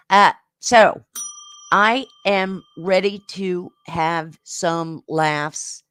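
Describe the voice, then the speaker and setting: A woman hosting a livestream game show, chatting casually with viewers and giving rambling, affectionate shout-outs with lots of fillers. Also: on the low side, no echo, clean studio sound.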